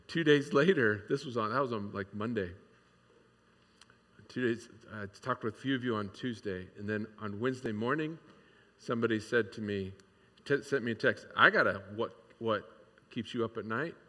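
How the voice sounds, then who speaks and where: A man in a church sanctuary preaching a sermon, candid and conversational, pausing on fillers and restarting his sentences. His voice is bright and forward, and a long reverb trails behind it. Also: medium pitch. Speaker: pastor.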